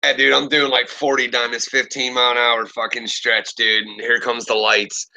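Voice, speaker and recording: In a live chat, a man in his thirties casually spins profane stories, animatedly voicing the people in them. His creaky voice has medium pitch and moderate pace, and the recording is rough.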